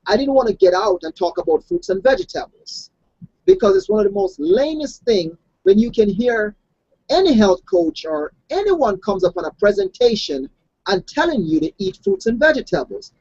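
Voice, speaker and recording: A man from abroad speaks as a health coach, telling stories in bursts with many restarts. His voice is gravelly and husky, with a dark tone. The call audio is dull and lo-fi. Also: high voice, normal speed, no echo. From outside the United States. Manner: animated storytelling with restarts. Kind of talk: casual hangout discussion.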